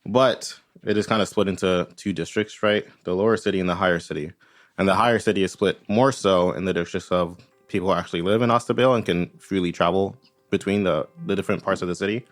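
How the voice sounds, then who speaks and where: Deep voiced dude gm, rambly casual chat, keeps saying right?. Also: male voice, fast talker. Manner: rambling, tags lines with "right?". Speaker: game master. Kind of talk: casual tabletop game talk.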